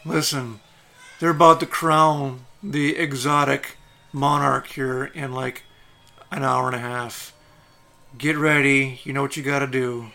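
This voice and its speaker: A man voicing a slow, gruff male bugbear guard who grumbles in a lowered voice. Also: fairly even intonation, sharp tone. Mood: irritated, puzzled.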